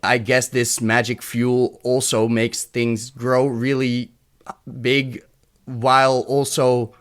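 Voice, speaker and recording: A man's voice: medium pitch, flat delivery, takes it slowly, a bit bright, clear, resonant tone. A man from Europe co-hosting a podcast, rambling and profane, thinking aloud with restarts. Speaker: podcast co-host. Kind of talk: casual chat.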